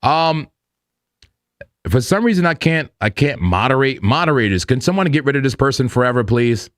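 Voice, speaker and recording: A man's voice: medium pitch, very animated, normal speed, no echo, studio quality. A man hosting a live trading stream, talking casually in a hyped, slangy way to his chat. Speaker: livestream trading host.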